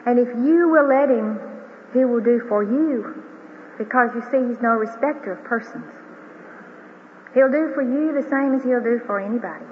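A woman's voice: on the high side, moderate pace, slight background noise. An older woman giving an earnest religious testimony as a grandmother, speaking before a large audience in a hall. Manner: earnest, heartfelt storytelling. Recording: tinny broadcast of a hall with reverb.

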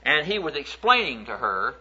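A man's voice: medium pitch, very animated, moderate pace, heavy background noise. A man preaching a sermon through folksy, conversational storytelling, acting out the stories he tells. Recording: dull lo-fi recording.

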